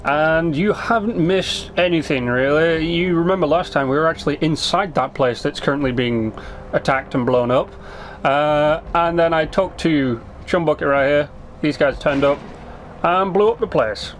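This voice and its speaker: Chatty, self-mocking gaming host, fairly high. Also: male voice, normal speed, slight background noise. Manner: reads on-screen game text aloud. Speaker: let's play host. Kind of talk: casual gameplay commentary.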